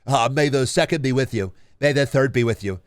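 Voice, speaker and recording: A man's voice: mid-range voice, brisk, no echo, studio quality, natural voice. A man voicing an annoying, smug male coworker with a nasal, needling delivery that repeats the same line. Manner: repetitive, needling sing-song.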